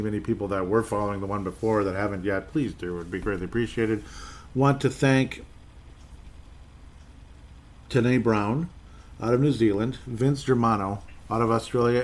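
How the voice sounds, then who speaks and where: A man in his forties hosting a solo sports podcast, chatty and rambling, often correcting himself mid-sentence as he reads listener messages. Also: lowish voice. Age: 40s. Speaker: podcast host. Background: faint background noise.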